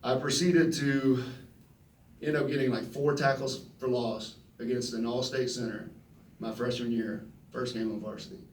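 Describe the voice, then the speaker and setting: A man, telling folksy, animated stories at a press conference and acting out the quotes. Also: medium pitch, normal speed, a little hiss or hum. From Texas. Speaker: retiring football player at press conference. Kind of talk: storytelling speech. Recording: roomy echo from a distant mic.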